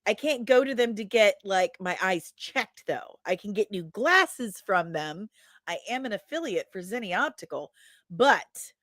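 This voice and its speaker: A woman's voice: medium pitch, a bit bright, no room sound. Chatty woman host, dry close sound. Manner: chatty, quick asides, often laughing at herself. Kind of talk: live chat reading viewer comments.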